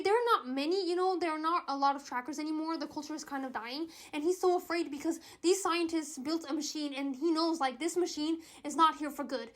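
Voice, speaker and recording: Fast-talking, high-voiced woman reviewing books. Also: fairly bright tone. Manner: chatty, emphatic, repeats herself. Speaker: book reviewer. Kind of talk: casual book review vlog.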